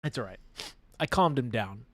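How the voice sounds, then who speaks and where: A man's voice: medium pitch, expressive, normal speed, no echo, clean studio sound. A man co-hosting a hobby painting livestream, teasing his co-host and laughing often, with playful announcer bits. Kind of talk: casual banter on a painting livestream.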